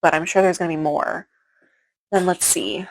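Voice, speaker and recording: A woman's voice: lowish voice, fairly even intonation, moderate pace, poor audio. A woman casually recapping a book chapter by chapter, rambling and filling her talk with "like" and "um". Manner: rambling, filler-heavy retelling with frequent "like" and "um". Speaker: book reviewer.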